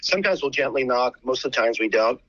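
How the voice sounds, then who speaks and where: Bright-voiced man telling a story on radio. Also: mid-range voice, fast talker, no room sound, lo-fi sound. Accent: American. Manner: animated storyteller, many restarts. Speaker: charity founder, guest. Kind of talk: radio interview.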